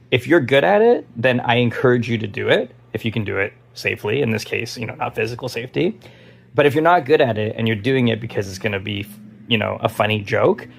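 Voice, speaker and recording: A man's voice: mid-range voice, vocal fry, husky. A man from Taiwan, an improv teacher, giving his frank opinion in a casual talk to camera. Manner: casual, frank, lots of fillers.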